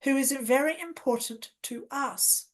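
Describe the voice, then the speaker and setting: A woman voicing her angry great-great-grandmother's spirit, an old woman who speaks in a sharp, scolding way. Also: high voice, a little slow. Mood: solemn.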